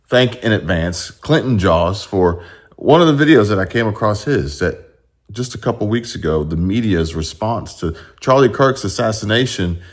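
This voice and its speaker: Deep-voiced man rambling through commentary. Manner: rambling, searches aloud for posts. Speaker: political commentary host. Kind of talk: casual commentary.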